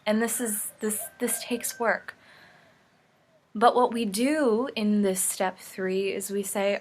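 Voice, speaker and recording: A woman's voice: medium pitch, steady tone, takes it slowly. A young adult woman coaching viewers through steps, emphatic and repetitive, with casual swearing. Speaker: life coach. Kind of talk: motivational teaching talk.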